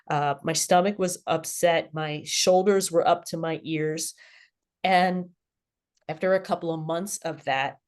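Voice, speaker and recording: A middle-aged woman, a podcast guest, telling her personal story candidly and with animation. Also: lowish voice. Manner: candid, animated, laughs at herself.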